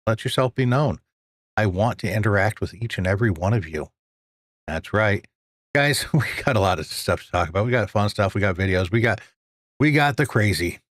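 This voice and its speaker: A man's voice: lowish voice, no echo, studio quality. A man hosting a live podcast stream, chatting casually and greeting viewers. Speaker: podcast host.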